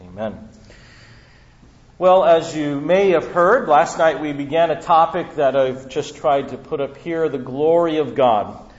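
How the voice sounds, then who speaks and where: A man's voice: a little high, a little slow. Folksy man preaching, lo-fi recording. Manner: casual storytelling with many fillers. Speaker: guest preacher. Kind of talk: conference sermon. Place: conference hall. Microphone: handheld or stand microphone.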